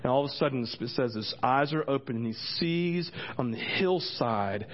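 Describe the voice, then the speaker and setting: A man's voice: medium pitch, animated, moderate pace, hardly any pauses. A man preaching a sermon as a pastor and praying aloud, earnest and rambling, often breaking off mid-sentence to start again. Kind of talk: sermon with spoken prayer. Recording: dull lo-fi recording.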